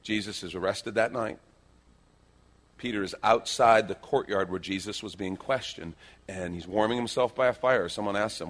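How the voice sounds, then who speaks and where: A man preaching a sermon, telling stories with lively shifts into acted-out quotes. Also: moderate pace. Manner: animated storytelling, acts out quotes with big pitch swings. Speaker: pastor.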